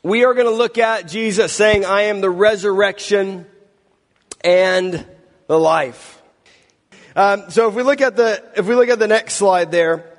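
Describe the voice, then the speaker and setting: A man reading scripture aloud and then preaching a sermon in a conversational way, with casual self-deprecating asides. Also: high-pitched. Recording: long hall reverb.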